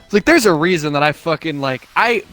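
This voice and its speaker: High, animated young man ranting. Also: a little fast. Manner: profane, mocking, quotes people in put-on voices. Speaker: streamer. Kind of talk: casual live-stream rant.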